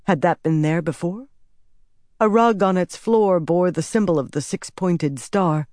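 A woman reads an audiobook in a measured, expressive way, her voice fairly low. The scripted narration is recorded cleanly in a studio with no room sound.

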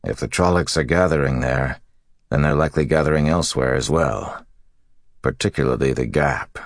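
A grim nobleman, as a male narrator puts him on, speaking in a very deep, gravelly voice. His measured delivery stays dark and sober, and the recording is dry and close. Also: dry recording. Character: grim male nobleman bringing bad news.

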